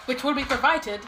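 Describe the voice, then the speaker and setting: Giggly high-voiced woman joking around. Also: background noise. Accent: Midwestern US. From Wichita, Kansas. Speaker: vlogger. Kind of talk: casual comedy chat.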